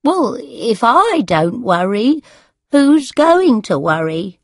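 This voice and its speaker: A woman voicing a frail, forgetful elderly mother who speaks in a high, faltering and sometimes hushed way. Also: sing-song, slow pace, no room sound, clean studio sound, heavily acted. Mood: confused. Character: frail forgetful old mother, confused and weak.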